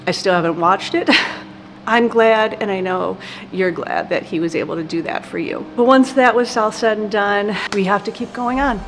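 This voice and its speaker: A woman speaking on camera about a painful loss, halting and emotional with many fillers. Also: medium pitch, fairly bright tone, in a large hall. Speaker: team member remembering the host. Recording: noisy recording.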